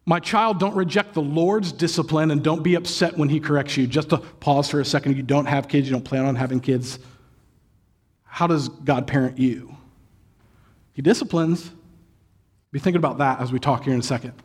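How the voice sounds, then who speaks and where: A man in his thirties delivers a sermon in a slightly high, husky voice. He tells stories animatedly, throwing in acted sighs and exclamations. It has the easy, personal feel of a pastor talking to his congregation. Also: steady tone, normal speed.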